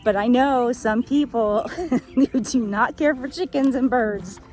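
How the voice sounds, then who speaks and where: Female vlogger, casual farm-tour chat over clear background music. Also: takes it slowly, a little mellow. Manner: high sing-song voice when talking to animals. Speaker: travel vlogger. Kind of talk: casual vlog narration. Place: outdoors on a small farm.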